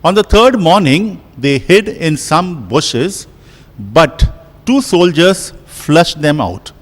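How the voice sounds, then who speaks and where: A man, a priest preaching a homily in a slow, deliberate way with emphatic pauses. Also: a little high, expressive. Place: large church. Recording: long church reverb.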